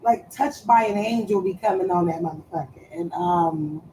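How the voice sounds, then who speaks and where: A woman chatting casually on a live stream, loud and playful, swearing freely and trailing off as she searches for words. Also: on the low side, moderate pace, slight background noise, rough recording.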